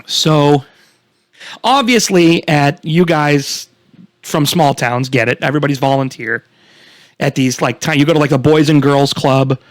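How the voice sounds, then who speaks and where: Animated young man telling a story. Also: a little high, a little slow, no echo. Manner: animated storytelling, swearing, laughing often. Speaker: podcast co-host. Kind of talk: casual chat.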